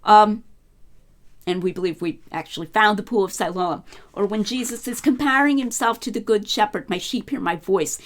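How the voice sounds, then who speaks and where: A woman's voice: mid-range voice, normal speed. A middle-aged woman giving an informal scholarly lecture, talking in a conversational way with frequent fillers and restarts.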